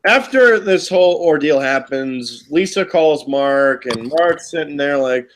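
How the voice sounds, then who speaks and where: Lively man recapping film scenes. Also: fairly high pitch, unhurried, a little hiss or hum. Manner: laid-back, recaps scenes, teasing. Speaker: podcast co-host. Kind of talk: casual movie review chat.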